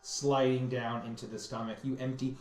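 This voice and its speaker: A man narrating a tabletop game as game master, halting and repeating words as he describes scenes. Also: medium pitch, flat delivery. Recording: echoey room.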